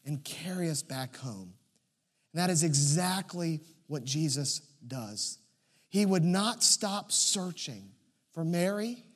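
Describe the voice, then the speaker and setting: Man, 30s, pastor, sermon, storytelling, high voice, soft-to-emphatic delivery. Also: husky.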